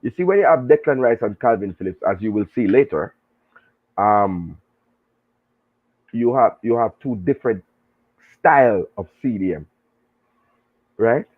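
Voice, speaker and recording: A man with a Jamaican accent chatting casually about football, animated and full of patois banter. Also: on the low side, unhurried, long pauses. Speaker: show guest and pundit. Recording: tinny phone line.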